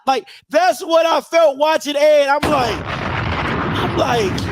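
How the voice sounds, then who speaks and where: A man hosting a call-in show, commenting loudly and laughing, often acting out other people's voices. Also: very high-pitched, sing-song, very slow. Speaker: show host.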